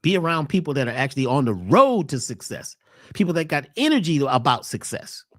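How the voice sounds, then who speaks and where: Speaking briskly, a female host and wellness speaker launches into an emphatic, slangy monologue with a preachy edge, throwing out one rhetorical question after another. Her voice swings animatedly in pitch, captured in studio quality with no echo.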